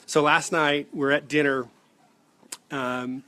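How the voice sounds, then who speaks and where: A man's voice: a little high, steady tone, slow pace, bright, forceful tone. A man in his forties, a leadership coach talking casually to camera in an earnest, rambling way with lots of fillers and restarts. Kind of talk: casual direct-to-camera vlog.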